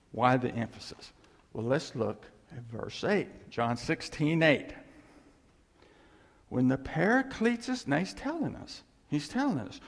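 A man's voice: medium pitch, gravelly. A man preaching a sermon in a conversational, emphatic way, putting questions to his listeners. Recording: long reverb of a large hall.

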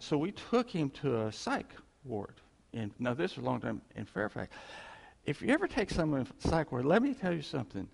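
A man with a gravelly voice tells church stories to a congregation. He rambles and halts, chuckling between restarts, and his voice rings with the long reverb of a large hall. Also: on the high side. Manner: rambling, halting storytelling with chuckles. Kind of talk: informal testimony to a congregation.

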